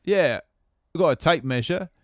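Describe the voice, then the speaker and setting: A man putting on a cheeky English pilot character with an East Midlands accent, spouting deadpan nonsense. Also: fairly high pitch, normal speed, dry recording, studio quality, natural voice. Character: chatty English man, self-styled pilot.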